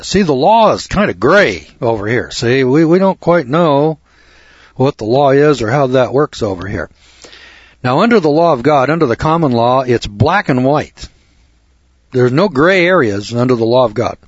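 Male lecturer, husky and emphatic, preachy tone, dry lo-fi recording. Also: mid-range voice, expressive, normal speed, dry recording. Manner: preachy, emphatic, repeats himself. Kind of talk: lecture on law. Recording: dull lo-fi recording.

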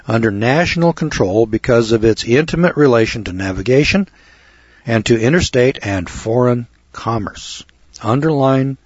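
Man, lecturing, preachy, emphatic, husky voice, dull dry lo-fi sound. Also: mid-range voice, no room sound. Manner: preachy, emphatic, repeats himself. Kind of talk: lecture on law. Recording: dull lo-fi recording.

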